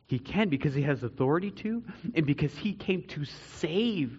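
A man preaching a sermon to a congregation, earnest, swinging between loud emphatic stretches and quiet reflective ones. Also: a little high, expressive, moderate pace, slightly rough, highs cut off. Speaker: pastor.

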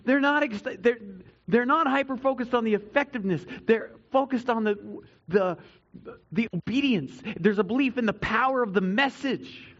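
A man's voice: extremely high pitch, moderate pace, muffled recording. Earnest man preaching a sermon. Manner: earnest, dramatic swings between loud emphasis and quiet reflection. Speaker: pastor.

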